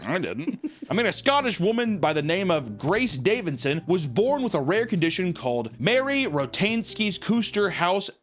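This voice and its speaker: Lively young man telling stories, swearing. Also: high voice. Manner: joking, swears often, breaks into quick voices and laughs. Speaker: podcast host. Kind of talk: casual comedic storytelling.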